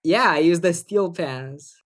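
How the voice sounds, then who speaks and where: A woman's voice: lowish voice, slow pace. A woman co-hosting a podcast in casual chat, rambling with lots of fillers and restarts. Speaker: podcast co-host and music producer.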